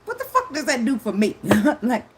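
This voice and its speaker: A woman's voice: on the high side, sing-song, moderate pace, a little hiss or hum. A woman tarot reader talking casually in a blunt, profane way, laughing often. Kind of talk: casual unscripted monologue.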